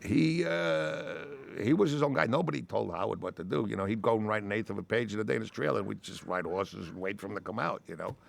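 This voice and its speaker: An older man, an actor, telling a rambling, animated anecdote in an interview with lots of "you know". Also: lowish voice, fast, gravelly, few pauses, no echo.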